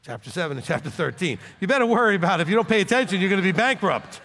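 A man's voice: sits high, lively intonation, rapid-fire, fairly bright tone, a little hiss or hum. A man preaching an informal Bible lesson in a blunt, combative, conversational way. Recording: long reverb.

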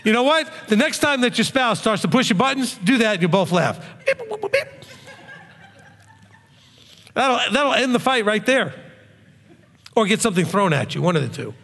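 A man's voice: high-pitched, big pitch swings, brisk, gravelly, fairly bright tone. A man preaching a sermon to his congregation as their rabbi, talking conversationally and often checking in with "okay?". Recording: long reverb of a hall.

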